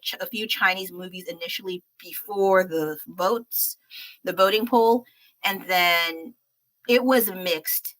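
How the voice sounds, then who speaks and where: A woman's voice: fairly low pitch, sharp tone. A young American woman livestreaming while she paints, chatting in a rambling, self-deprecating way with fillers and laughs. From United States. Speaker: livestreaming artist.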